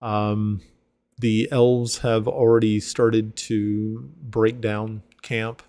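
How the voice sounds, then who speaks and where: A man's voice: lowish voice, little pitch movement, very slow, warm tone, no echo. A man narrating as game master of a tabletop game, hesitant, with many fillers.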